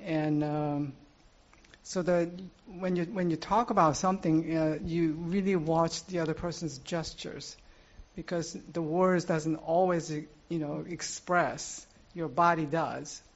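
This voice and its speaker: A man sharing earnestly in a group, halting and using many fillers, on a muffled lo-fi recording. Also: a little high, steady tone.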